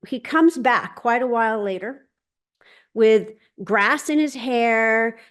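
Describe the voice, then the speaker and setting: A woman hosting a spiritual gathering over a video call. She tells a personal story in a lively, casual way, acts out other people's lines as dialogue and often restarts her sentences. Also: fairly high pitch, slow pace.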